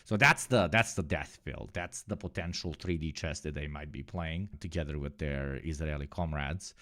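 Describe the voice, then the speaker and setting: A man streaming live, reacting to news in a sardonic tone, swearing and swinging from low mutters to loud outbursts. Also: normal speed, dry recording, studio quality.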